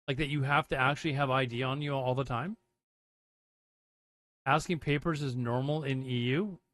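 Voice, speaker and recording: A man's voice: medium pitch, fairly even intonation, moderate pace, a bit bright. A man hosting a livestream, rambling casually and reading chat messages aloud and answering them. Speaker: livestream host. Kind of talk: casual live commentary.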